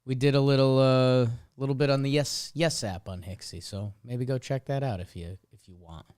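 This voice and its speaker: A man's voice: medium pitch, steady tone, normal speed, darkish tone, smooth, no room sound. A man co-hosting a casual sports podcast with dry, wisecracking remarks. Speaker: podcast co-host. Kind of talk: casual sports podcast chat, punny game recap.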